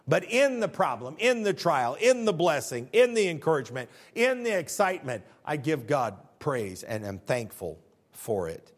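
A man's voice: fairly high pitch, very animated, moderate pace. A man in his fifties, a pastor giving a conversational sermon full of jokes and rhetorical questions.

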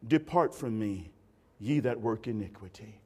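A solemn divine judge, played by a man, speaks in a deep, hushed, slow voice. Every word is grave and final. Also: expressive, slightly rough. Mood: stern.

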